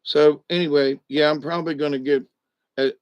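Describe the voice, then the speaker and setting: A man's voice: a little high, fairly even intonation, brisk, a little mellow, clean tone, no room sound. Upbeat rambling man, dull lo-fi sound. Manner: upbeat, rambling, full of restarts. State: a little wired on steroids. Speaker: vlogger. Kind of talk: casual rambling video update. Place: at home, lying in a resting position.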